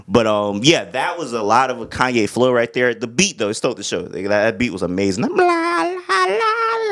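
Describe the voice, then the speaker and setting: Animated young man reviewing an album. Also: mid-range voice. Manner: animated, slangy, hums beats and imitates rappers. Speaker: music reviewer.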